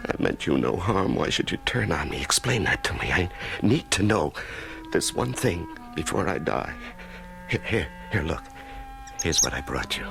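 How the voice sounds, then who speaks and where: An actor playing a male prisoner broken by long isolation, stammering and trembling as he talks softly, in an old radio drama. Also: low-pitched, very animated, moderate pace, gravelly, music in the background, heavily acted. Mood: pleading. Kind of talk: 1970s radio drama acting.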